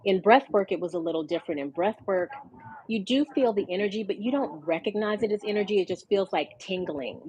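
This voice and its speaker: A woman speaking as a podcast guest, telling her story in a reflective, unhurried way over a video call. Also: medium pitch, a little mellow, a little hiss or hum, low-quality recording. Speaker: podcast guest and hypnosis practitioner. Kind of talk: casual conversational interview.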